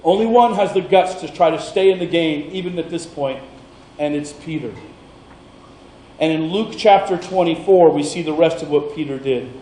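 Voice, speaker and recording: A male pastor preaching with animated, playful storytelling. His voice sits high for a man and rings around an echoey hall. A faint hum of room sound lies underneath. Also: normal speed. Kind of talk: sermon.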